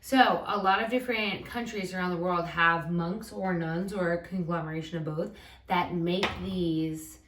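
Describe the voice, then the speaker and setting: A woman co-hosting a travel vlog, chatting casually and telling stories in an animated way. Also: fairly low pitch, normal speed, recorded from a distance. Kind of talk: casual chat. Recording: roomy, from the mic, faint hiss.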